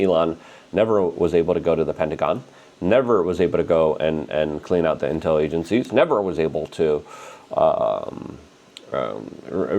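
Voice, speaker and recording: A man hosting a political commentary show, animated and indignant, talking with strong emphasis. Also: low voice. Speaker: host.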